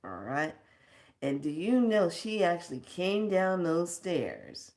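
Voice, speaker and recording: A woman with a low voice tells a personal story at an unhurried pace. She lingers over her words and slips into the voices of the people in her memory. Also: very animated, darkish tone. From California. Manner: slow, reflective, acts out quoted dialogue. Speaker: storyteller sharing a personal lesson.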